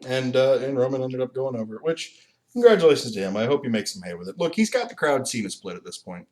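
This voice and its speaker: A man's voice: medium pitch, fast talker. A man co-hosting a podcast in casual chat, telling stories and laughing often. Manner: animated storytelling, laughs often. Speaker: podcast co-host.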